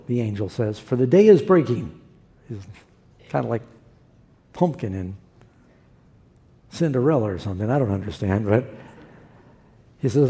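A man's voice: mid-range voice, normal speed, pauses often, dark tone. A middle-aged man preaching a sermon, telling the story vividly and acting out the quoted voices.

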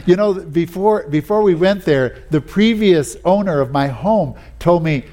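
A man's voice: on the high side, lively intonation, a little slow, mellow. Folksy preacher man telling stories. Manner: folksy storytelling, many "you know"s and restarts. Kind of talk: sermon with personal anecdotes.

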